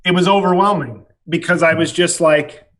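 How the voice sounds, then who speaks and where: A man's voice: a little high, steady tone, moderate pace, a bit bright. A man guesting on a podcast as a comedian, telling rambling, profane, self-mocking stories in casual chat.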